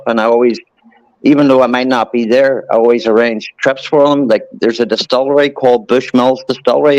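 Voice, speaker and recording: A man's voice: mid-range voice, darkish tone, no room sound, highs cut off. A man in his forties from Ireland with an Irish accent, chatting casually as a guest, rambling through stories and swearing now and then. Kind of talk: casual chat.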